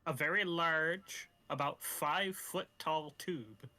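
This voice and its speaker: A man narrating as dungeon master in a tabletop game, pausing with fillers as he describes the scene. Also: a little high, bright, forceful tone.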